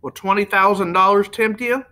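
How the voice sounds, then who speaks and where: A man voicing a rich American businessman who speaks softly and persuasively, with a faintly nasal tone. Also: high-pitched, steady tone, normal speed, pitched above the performer's own voice.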